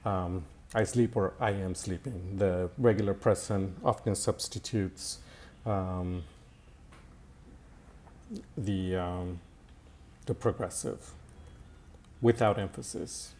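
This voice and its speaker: A man talks through an Italian grammar lesson slowly and unhurriedly, stopping often with fillers and repeating himself. His voice sits fairly low. The steady click of typing runs faintly behind him. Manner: slow and halting, with many fillers and repetitions. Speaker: Italian teacher. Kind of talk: recorded language lesson.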